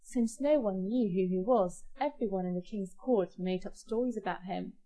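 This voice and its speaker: A woman narrating a children's fairy tale in an expressive, clear storybook style. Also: medium pitch, normal speed.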